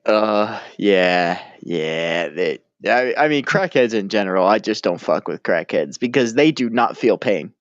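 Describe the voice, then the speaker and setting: A man's voice: on the low side, expressive, a little slow, few pauses, no room sound. A man co-hosting a casual podcast, laid-back and rambling, laughing often as he tells stories. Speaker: podcast co-host. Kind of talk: casual chat. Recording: dull, dry recording.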